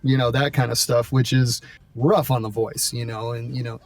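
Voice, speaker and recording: A man's voice: medium pitch, flat delivery, moderate pace, far from the mic. A young man, a voice actor, talking in an interview with a slightly scratchy, gritty voice, rambling with fillers and restarts. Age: young adult. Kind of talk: interview guest.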